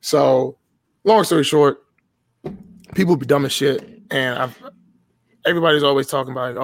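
A man's voice: mid-range voice, moderate pace, long pauses, dry recording. A young man telling a story on a podcast in a casual, blunt and profane way. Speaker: podcast guest.

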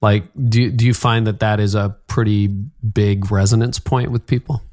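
Low-voiced man hosting, reflective questions. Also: steady tone, normal speed, a little mellow. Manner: reflective, asks follow-up questions. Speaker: podcast host. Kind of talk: interview conversation.

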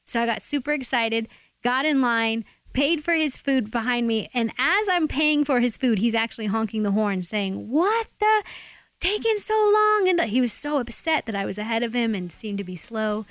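A woman guest sharing a personal faith testimony in a lively, expressive storytelling manner. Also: on the high side, normal speed, clear, resonant tone, dry recording. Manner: animated, acts out quotes.

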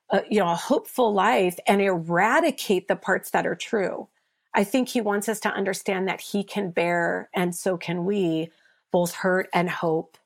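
A woman pastor and author as a guest, speaking in an earnest preacher's cadence about faith. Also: medium pitch. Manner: earnest preacher's cadence, voices biblical figures with rising intensity. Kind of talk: passionate faith conversation.

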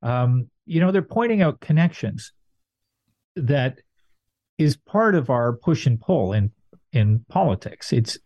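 A man's voice: mid-range voice, big pitch swings, slow, long pauses, a little mellow, dry recording, muffled recording. A middle-aged man giving thoughtful political commentary, hedging often with fillers.

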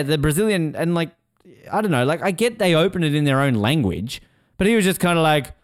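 Excitable podcast host who swears freely and mimics people mid-story; smooth tone. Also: male voice, medium pitch, no echo, studio quality. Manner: excitable, swears, acts out quotes in voices. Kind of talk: casual chat.

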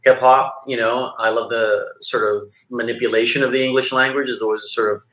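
A man's voice: medium pitch, fairly even intonation, brisk, a bit bright, echoey room, poor audio. A man in his forties from Montreal, a label founder talking as an interview guest in a rambling casual way with many fillers and restarts. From Montreal, Canada.

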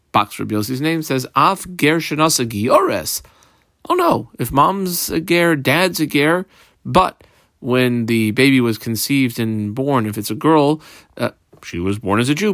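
A man's voice: medium pitch, a bit bright, no room sound, studio quality. A man teaching a Talmud lesson, reading Aramaic phrases and explaining them in English, with frequent fillers.

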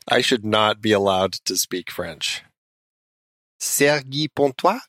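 A man's voice: on the low side, slow, sharp tone, dry recording, studio quality. A man co-hosting a film podcast in casual banter, joking, drifting into tangents and laughing often. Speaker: podcast co-host.

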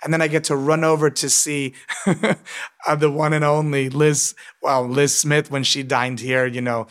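A man's voice: on the high side, flat delivery, normal speed, fairly bright tone, clean tone. A man, a restaurant owner and author, telling emotional stories in an interview, often asking "right?". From United States. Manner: emotional, storytelling, frequent "right?".

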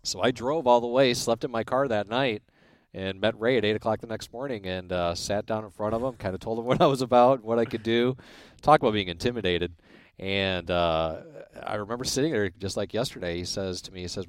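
His voice is fairly low with a clean tone, the delivery brisk with hardly any pauses, and the recording is dry. A guest from Illinois, he casually tells stories from his working life, bringing quoted people to life by acting out their lines.

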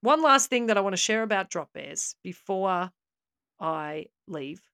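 An Australian woman co-hosts a comic podcast and tells a tall tale with mock gravity and a wink in her voice. Her voice sits at an ordinary middle pitch. It is recorded close and dry, with no room sound around it. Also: lively intonation, measured pace, a bit bright, dry recording. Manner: mock-serious, tongue-in-cheek delivery. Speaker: podcast co-host.

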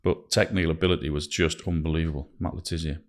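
A man's voice: extremely low pitch, steady tone, fast. A man co-hosting a podcast, answering in a plain, matter-of-fact way. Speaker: podcast co-host. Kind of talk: casual chat.

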